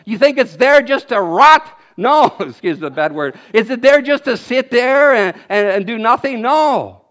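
High-voiced preacher in his fifties. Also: unhurried. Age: 50s. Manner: energetic, exclaiming, laughing often. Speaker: guest preacher. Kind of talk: sermon. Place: church service.

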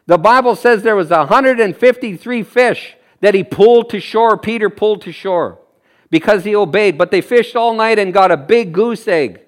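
Man, high voice, preacher, sermon, animated, laughing, acting out quotes. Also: moderate pace. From Canada.

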